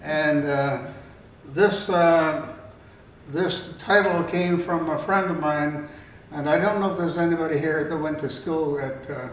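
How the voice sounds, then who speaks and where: A man's voice: fairly high pitch, steady tone, unhurried. A man in his eighties, an author telling stories at a library event in a meandering, folksy, conversational way. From Canada. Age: 80s. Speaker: storyteller and author. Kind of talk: storytelling talk. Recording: roomy room, mic far off, faint noise.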